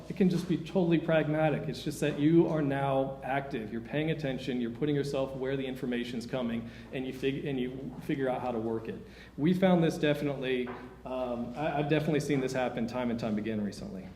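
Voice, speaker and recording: A man's voice: fairly high pitch, quick pace, mellow. Man giving a workshop talk. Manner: informal, self-interrupting, encouraging. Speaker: workshop speaker. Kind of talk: conference talk. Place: lecture room. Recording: echoey room with faint noise.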